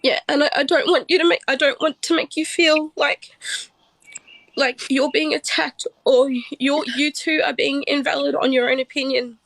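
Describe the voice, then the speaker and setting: A woman talks in a heartfelt, halting way on a phone livestream. Her voice sits high. The sound is dry and close, with no room around it. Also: steady tone, vocal fry, a bit bright, dry recording, poor audio. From Australia. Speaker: livestream guest. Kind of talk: emotional livestream talk.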